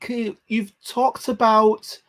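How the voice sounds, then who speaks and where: Lively podcast host, casual, relays audience comments. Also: medium pitch, takes it slowly. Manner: lively, reads out viewer comments. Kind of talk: casual chat.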